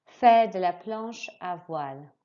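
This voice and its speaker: A woman teaching a French lesson to pupils, slowly and clearly modelling phrases for them to repeat. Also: on the low side, animated, highs cut off. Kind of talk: recorded remote lesson.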